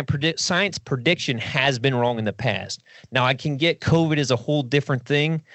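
A man holds forth on a podcast in a loose, rambling way, swearing often and breaking into quick impressions. His voice sits somewhat high, and the recording is close and dry with almost no room sound. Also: no room sound. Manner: rambling, profane, animated with impressions. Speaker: podcast guest. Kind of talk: casual podcast discussion.

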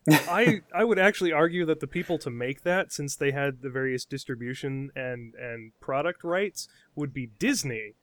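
A man talking through movie tie-ins on a podcast, his voice smooth and resonant. The sound is close and dry, and he restarts his thoughts, then turns animated on side points. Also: medium pitch, normal speed, no echo. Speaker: podcast co-host. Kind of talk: casual chat.

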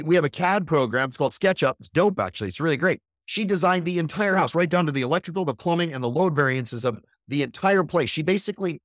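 A man hosting a podcast in a casual monologue to his camera, blunt and profane, animated and emphatic. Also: a little high, no room sound, clean studio sound. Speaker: podcast host. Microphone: computer camera at a desk.

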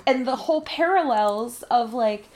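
A woman co-hosting a casual podcast about films, talking in an animated, indignant way and quoting others in asides. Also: on the high side, unhurried. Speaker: podcast co-host. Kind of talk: casual film chat.

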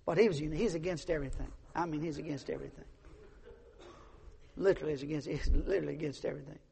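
A man's voice: fairly high pitch, very fast, vocal fry, mellow, long reverb tail. A man preaching a sermon, emphatic, repeating his points and acting out the people in his stories. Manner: emphatic, repeats phrases, acts out quoted voices.

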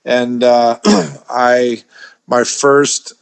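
A man's voice: medium pitch, little pitch movement, extremely slow, smooth. A man telling a story as a podcast guest, rambling with lots of restarts and swearing freely. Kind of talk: casual storytelling chat.

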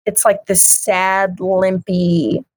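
A woman's voice: medium pitch, flat delivery, drawn-out words, darkish tone, dry recording. Chatty, frank woman, dry close sound. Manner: giggly, frank and chatty, acts out lines from the comic. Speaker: podcast co-host. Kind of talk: casual chat reviewing a comic.

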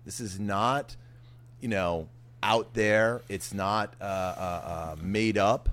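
A man hosting a podcast, with a lowish voice and an eager, friendly way of talking. He keeps agreeing with his guest and steers the talk on to the next topic. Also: slow pace, a bit bright. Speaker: podcast host. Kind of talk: casual interview talk.

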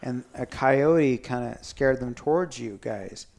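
A man's voice: mid-range voice, unhurried, vocal fry, a little mellow. A man telling a family story in casual chat, teasing and rambling as he goes.

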